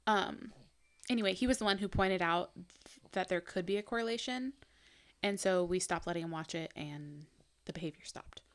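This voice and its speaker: A woman's voice: on the low side, normal speed. A young adult woman co-hosting a podcast, talking in a chatty casual way full of "like" and "um". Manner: chatty, lots of "like" and "um". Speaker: podcast co-host, mother. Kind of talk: casual chat.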